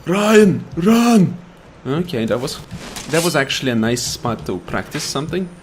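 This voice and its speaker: A man's voice: mid-range voice, animated, a little fast, a bit bright, slight background noise. Sarcastic man ranting over gameplay. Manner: ranting, sarcastic, taunts enemies. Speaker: gaming YouTuber. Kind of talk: gameplay commentary with rants.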